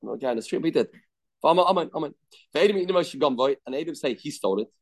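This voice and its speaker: A man's voice: on the high side, animated, very fast, husky. Man teaching a Talmud lesson. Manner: explains step by step, asking questions and answering them; mixes English with Hebrew and Aramaic terms. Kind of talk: daily Talmud class.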